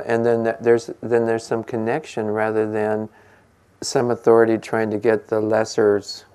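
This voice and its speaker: Older male meditation teacher, gravelly, unhurried and gentle, laughs easily. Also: fairly low pitch. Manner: gentle, musing, laughs often. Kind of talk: relaxed dharma talk.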